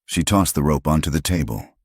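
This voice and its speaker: A man narrating a story in a measured, even audiobook style. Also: a bass voice, breathy edge, no room sound, clean studio sound.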